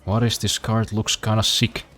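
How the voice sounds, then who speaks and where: A man with a very deep voice talks loosely over a racing game, tossing off dry, self-mocking jokes. Faint game music runs quietly behind him. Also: flat delivery, normal speed. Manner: dry self-deprecating humor, swears casually. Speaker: streamer. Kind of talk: casual gameplay commentary.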